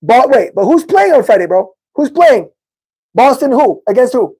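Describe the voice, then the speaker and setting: A man hosting a casual live-stream sports podcast, talking excitedly and greeting viewers in the chat by name. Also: very high-pitched, normal speed, slightly rough. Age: adult with a son. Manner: excitable, talks to chat viewers by name, says bro a lot. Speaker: podcast host.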